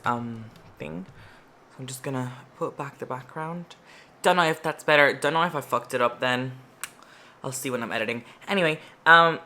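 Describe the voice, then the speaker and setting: Woman vlogger with a Spanish mother tongue, bright tone, swears freely and jokes at her own expense. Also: sits low. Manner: chatty, profane, self-mocking jokes. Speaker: beauty vlogger. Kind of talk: casual get-ready-with-me storytime.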